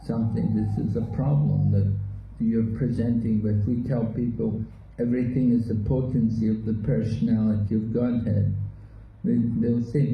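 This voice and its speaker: A man's voice: lowish voice, little pitch movement, normal speed, faint music behind. A man teaching a scripture class, posing skeptical questions to his students and answering their replies. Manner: plays a skeptic, quizzing students in quoted objections. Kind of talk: interactive class discussion. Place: hall. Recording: roomy dull recording with faint noise.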